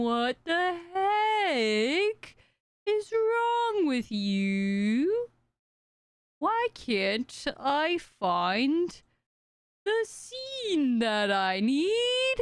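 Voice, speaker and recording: Woman streamer, casual stream chat, scattered and muttering to herself, very slow drawl, dry close sound. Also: sits high, smooth, no room sound. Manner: scattered, talking to herself and chat while searching settings.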